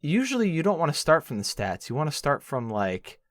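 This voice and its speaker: A man's voice: on the high side, fairly quick, dry recording, clean studio sound. A man hosting a podcast, chatting casually with lots of hesitations and fillers. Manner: animated, hesitant with many fillers. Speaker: podcast host. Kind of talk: casual chat.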